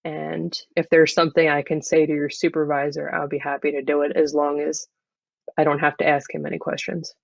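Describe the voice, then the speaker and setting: Over lo-fi, dull video call audio that is dry with no echo, an improv comedy guest plays a character in an improvised interview. The delivery is flat and deadpan at a middle pitch, a little fast, with a creaky quality.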